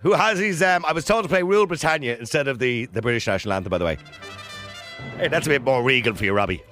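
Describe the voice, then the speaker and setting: Lively, teasing Irish radio host. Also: male voice, medium pitch, fast talker, soft background music. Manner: teasing, bantering. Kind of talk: live radio talk show. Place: radio studio.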